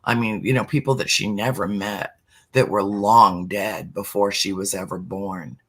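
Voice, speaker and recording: Speaking at a fairly low pitch, a middle-aged man shares a heartfelt spiritual conversation in a level, slightly bright tone. He is slow and deliberate, sometimes dropping to almost a whisper for emphasis.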